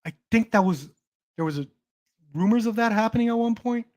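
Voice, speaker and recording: A man's voice: high voice, lively intonation, a little fast, darkish tone. A young man hosting a casual livestream chat about movies, rambling with frequent restarts and swearing. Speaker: stream host.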